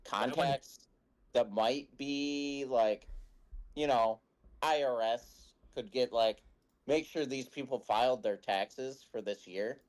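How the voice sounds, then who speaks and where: Slow-talking man player, halting, casual game chat. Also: medium pitch, a little mellow. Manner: slow, halting, searching for words.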